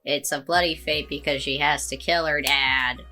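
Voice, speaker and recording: Female podcast co-host, low-ish bright voice, wry humor, faint music behind. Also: steady tone, normal speed. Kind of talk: casual chat.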